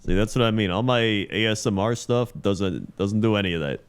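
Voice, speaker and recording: A man co-hosting a podcast, answering in a relaxed, easygoing casual chat. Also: fairly low pitch, a little fast, clean tone. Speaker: podcast co-host.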